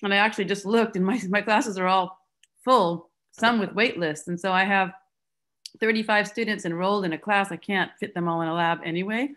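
A biology instructor speaking frankly in a staff meeting over a video call. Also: female voice, medium pitch, fairly even intonation, fairly quick, a bit bright. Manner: frank, conversational. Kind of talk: online staff meeting discussion.

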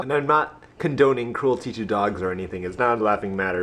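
A man's voice: on the low side, very fast, few pauses, fairly bright tone. A young man vlogging casually, joking and talking to his dog in a playful baby-talk voice. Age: young adult. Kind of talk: casual vlog chat.

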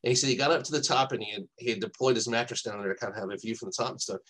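A man's voice: mid-range voice, racing, a bit bright, husky, rough recording. A man co-hosting a podcast, telling a long anecdote in a casual, rambling way, often laughing and quoting people. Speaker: podcast co-host. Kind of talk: casual storytelling chat.

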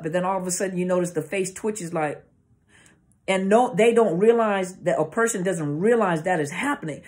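Low-voiced woman giving an informal talk. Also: moderate pace, darkish tone. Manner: conversational, searching for words with frequent restarts. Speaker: therapist speaking on narcissistic abuse. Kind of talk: informal educational talk to camera. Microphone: camera mic.

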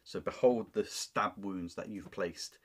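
Husky man explaining a play. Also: low voice, fairly even intonation, a little slow. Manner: emphatic, paraphrasing line by line. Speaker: literature teacher. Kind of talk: explanatory lesson.

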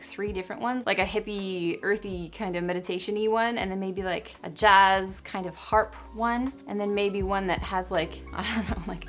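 A woman's voice: mid-range voice, a bit bright. A young pregnant woman chatting casually to camera about things she loves, bubbly and gushing, a little out of breath, with frequent laughs. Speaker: vlogger. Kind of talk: casual product chat to camera.

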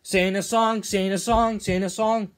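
A man's voice: high voice, normal speed, fairly bright tone. A man voicing a cheerful, silly cartoon sea sponge in a goofy, sing-song manner in a fan-made toy comedy skit.

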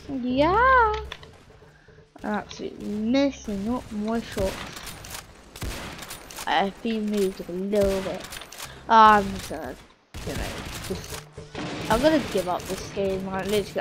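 A woman chats her way through an online shooter, rambling, teasing the other players and joking about her own misses. Her voice sits in a middle register. Constant gunfire and game effects play loudly behind her. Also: mid-range voice, a little slow, background noise. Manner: rambling, self-mocking chatter to opponents. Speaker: gameplay commentator. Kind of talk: casual game commentary. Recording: recorded over loud gunfire game sounds. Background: game gunfire and sound effects.

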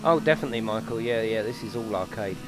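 A man's voice: lowish voice, fast talker. A man hosting a live racing stream from his home rig, chatting casually with viewers, swearing and exaggerating as he talks.

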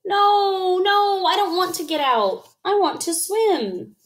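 A woman's voice: very animated, a bit bright, full character voice. A woman voicing a small, stubborn boy frog who whines, in a storybook read-aloud. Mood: whiny. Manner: whiny, squeaky, drawn-out.

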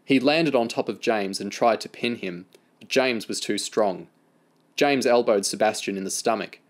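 A man reading a novel aloud, narrating in an even, measured storytelling manner. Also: on the low side. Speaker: audiobook reader. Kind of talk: scripted narration.

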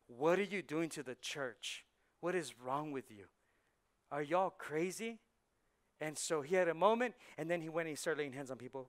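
A male pastor preaching a sermon, moving between hushed, intense passages and loud, driving preaching, and slipping Spanish words into his English. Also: a little high, animated, moderate pace. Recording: church sermon on a live mic.

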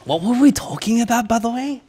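A man running a long live stream, rowdy and quick to laugh, his voice swooping up and down as he jokes with the room. He sounds a bit tipsy, with faint music playing behind him. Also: very high-pitched, lively intonation. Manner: loud, joking, laughing often. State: tipsy from drinking. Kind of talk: casual live-stream chat.

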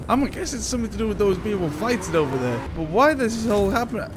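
Man, gaming commentary, excitable, lively swooping pitch, game noise and vehicles behind. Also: a little fast. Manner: excitable, jokey, talks back to game characters. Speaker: gaming YouTuber. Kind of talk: let's play commentary.

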